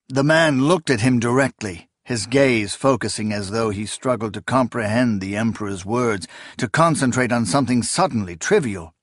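A man reading a fantasy novel aloud in a measured, deliberate way. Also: on the low side, no room sound, clean studio sound. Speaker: audiobook narrator. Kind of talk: scripted fantasy narration.

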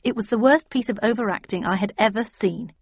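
A woman's voice: on the high side, brisk, husky, no room sound, lo-fi sound. A woman reading a first-person story aloud, in a dry, wry manner. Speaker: audiobook narrator. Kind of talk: scripted first-person narration.

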